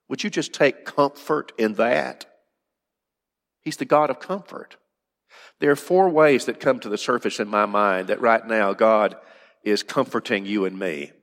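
A man's voice: on the low side, a bit bright, in a large hall. A man preaching a sermon with earnest emphasis, often repeating words and dropping to a near-whisper for effect. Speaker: pastor.

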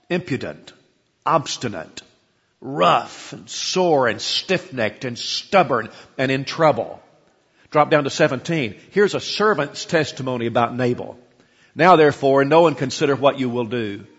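Husky-voiced male preacher with long reverb. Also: mid-range voice, fairly bright tone, lo-fi sound. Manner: emphatic, repeats words while building points. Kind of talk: sermon.

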